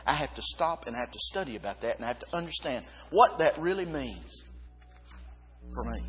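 A man preaching a sermon, emphatic, dropping low and quiet then rising again. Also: very animated, brisk, slightly rough. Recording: long reverb of a hall.

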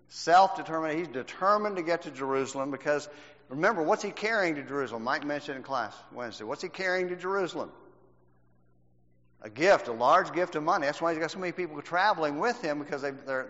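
Here a Bible teacher emphatically quizzes his class, underlining each point as he goes. He has a somewhat high, slightly bright voice, and the audio is dull and lo-fi, recorded in a hall with plenty of reverb.

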